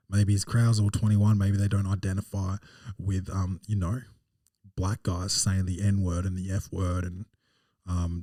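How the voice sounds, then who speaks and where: Man, low dark voice, rambling self-deprecating comic, dry room, slightly off-mic. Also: no echo, far from the mic. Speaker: stand-up comedian and podcast host. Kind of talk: casual solo podcast monologue.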